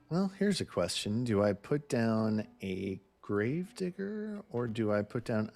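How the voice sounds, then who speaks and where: A man casually thinking aloud as he plays through a video game on stream, laid-back and unhurried. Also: lowish voice, vocal fry. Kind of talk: casual let's-play commentary.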